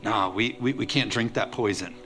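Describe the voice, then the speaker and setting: A male pastor giving a sermon to a congregation in a church, preaching in an energetic, conversational way with playful asides. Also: lowish voice, moderate pace, soft background music.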